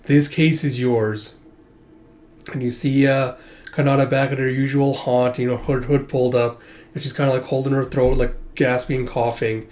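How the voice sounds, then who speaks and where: A man's voice: mid-range voice, level tone, normal speed, a little mellow. A man casually reading and summarizing a comic chapter aloud, loose and conversational, with many fillers. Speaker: comic reader. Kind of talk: casual comic read-through.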